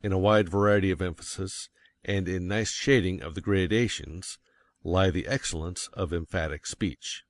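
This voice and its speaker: A man reading a textbook aloud as an audiobook, in a measured, deliberate way with clear stresses. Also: deep voice, steady tone, no echo. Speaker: audiobook reader.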